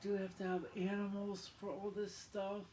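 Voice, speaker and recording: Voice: medium pitch, monotone, normal speed, warm tone, reverberant, slight background noise, low-quality recording. A vlogger talking to camera in a rambling, casual monologue, often apologizing and drifting into rants. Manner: rambling, keeps apologizing, ranting.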